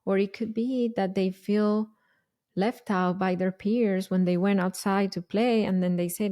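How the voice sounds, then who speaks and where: Earnest woman host, unhurried and mellow, explains parenting ideas patiently. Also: medium pitch, steady tone. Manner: earnest, slow and deliberate, with frequent restarts. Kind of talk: conversational explanation.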